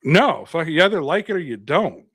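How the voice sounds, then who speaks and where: A man from Canada rants and jokes sarcastically as a podcast co-host, his voice sitting a bit above the usual male pitch. The sound is close and dry, with no room echo, and he keeps the jabs coming in casual chat. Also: very animated, normal speed, a bit bright, husky. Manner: sarcastic, ranting, jokey.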